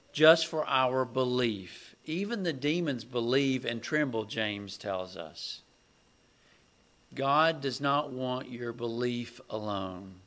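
A man preaching a sermon, talking slowly and deliberately and building to loud, raised passages. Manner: slow, deliberate preaching that swells loud and high at its climaxes.

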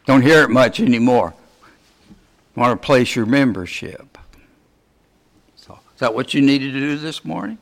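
A man preaching a sermon, asking his listeners many rhetorical questions in a slow, deliberate way. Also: medium pitch, creaky.

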